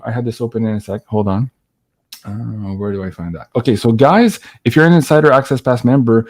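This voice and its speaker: Male host, casual live-stream banter, filler-heavy, easy laughter, average pitch. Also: mellow. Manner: chatty, laughs often, many fillers.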